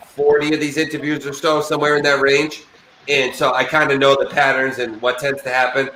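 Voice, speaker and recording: A man's voice: mid-range voice, sharp tone. A man hosting an interview over a video call, speaking in a careful, reassuring, explanatory way. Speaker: host. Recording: roomy sound with faint background hiss.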